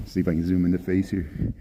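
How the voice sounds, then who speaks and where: A man's voice: low voice, mellow, highs cut off, slight background noise. A man live-streaming on a phone as he walks outdoors through a zoo in the snow, chatting casually, laughing often and answering viewer comments. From Chicago area.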